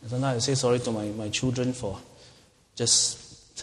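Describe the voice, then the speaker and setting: A middle-aged male pastor preaches in a conversational way, often turning to the congregation with rhetorical questions. His voice sits at an ordinary pitch for a man. It carries a long reverb, as if it was recorded in a church hall. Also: flat delivery, normal speed, a little hiss or hum. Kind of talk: sermon.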